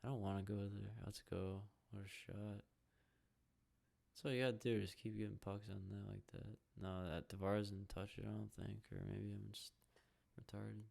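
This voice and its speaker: A young man from the hosting a casual solo podcast, rambling with heavy profanity and reacting out loud to a hockey game. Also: on the low side, completely flat delivery, moderate pace, vocal fry, few pauses. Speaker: podcast host.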